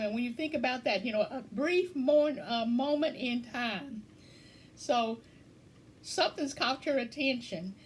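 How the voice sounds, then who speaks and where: Unhurried high-voiced woman teaching. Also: a little hiss or hum. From eastern Kentucky. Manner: unhurried, repeats key words with many fillers. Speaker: poetry teacher. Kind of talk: teaching lesson on video.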